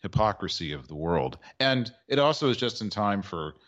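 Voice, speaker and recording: A man's voice: lowish voice, big pitch swings, normal speed, a bit bright, muffled recording. A man from Maryland co-hosting a sports radio show in casual chat, with wry, sarcastic asides. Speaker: co-host.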